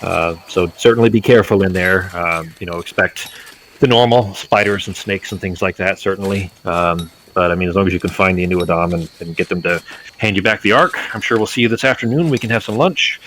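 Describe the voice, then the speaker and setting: A man's voice: low voice, brisk, fairly bright tone, a little hiss or hum. A man running a tabletop game as game master, rambling with many fillers and restarts.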